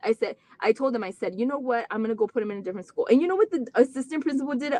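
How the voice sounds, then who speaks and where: Talking very fast in a high-leaning voice with no room sound, a mother recounts her family's story during a live interview where she is the guest. It's candid and heartfelt, told in long run-ons thick with "like," and she turns animated reenacting conversations.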